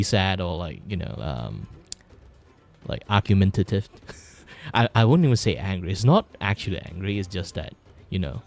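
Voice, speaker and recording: A man's voice: lowish voice, darkish tone. A man from Malaysia with a Malaysian English accent, chatting casually on his livestream in a rambling, filler-heavy way. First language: Mandarin. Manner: rambling, filler-heavy, shifts voice register to demonstrate. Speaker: vtuber streamer. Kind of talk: casual livestream chat while drawing.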